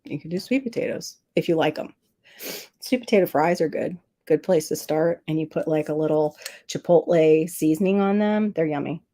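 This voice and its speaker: A woman's voice: low voice, normal speed, dark tone. A middle-aged woman hosting a casual livestream, telling a personal story while teary and sniffling. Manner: emotional, tearful storytelling, sniffling. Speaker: livestream host. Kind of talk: casual livestream chat with viewers.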